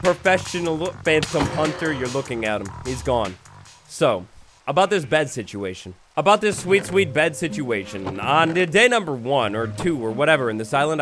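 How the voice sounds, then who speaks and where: A young man doing energetic, jokey commentary over his own game play, with bursts of mock drama. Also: medium pitch. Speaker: gaming YouTuber. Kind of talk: Minecraft let's-play commentary.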